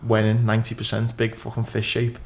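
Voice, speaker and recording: A man hosting a podcast, relaxed and swearing freely as he chats. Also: fairly low pitch, a little fast, vocal fry, slight background noise. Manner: relaxed and sweary, calls people "mate". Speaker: podcast host. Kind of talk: casual chat.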